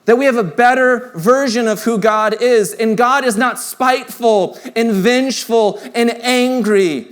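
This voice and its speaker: A man in his thirties preaching a sermon in a church, earnest and conversational, rising to emphatic points and dropping to quiet, tender passages. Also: very high-pitched, a little slow, few pauses. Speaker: pastor. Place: church sanctuary.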